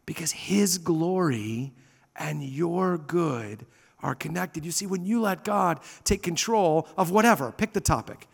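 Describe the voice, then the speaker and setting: A man in his thirties preaches from the front of a large church, his voice pitched high. He swings from loud, stressed points to soft, hushed asides, and a long reverb follows his words around the hall. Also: animated, measured pace, vocal fry, slightly rough. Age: 30s. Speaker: pastor. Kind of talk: sermon.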